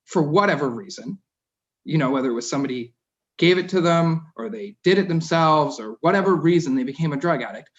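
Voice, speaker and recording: Canadian male councillor, impassioned council speech, slightly high voice, dull meeting audio. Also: lively intonation, a little fast. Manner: impassioned, voice rising and breaking off. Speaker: city councillor.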